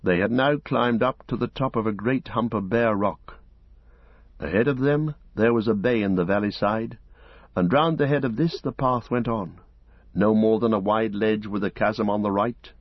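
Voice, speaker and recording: A man reading a story aloud as an audiobook narrator, in a measured, dramatic storytelling manner. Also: on the low side, no room sound. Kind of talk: scripted narration. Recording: dull lo-fi recording.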